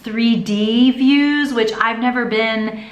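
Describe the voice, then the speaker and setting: A woman talking to camera in a casual vlog, telling her story in a chatty, expressive way. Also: a little high, takes it slowly, dull audio. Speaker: vlogger. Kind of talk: casual pregnancy update vlog. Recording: echoey room.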